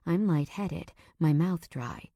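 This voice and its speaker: Brief: woman audiobook narrator, low voice, tense and measured, dry close mic. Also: expressive, mellow, no echo. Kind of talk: first-person audiobook narration.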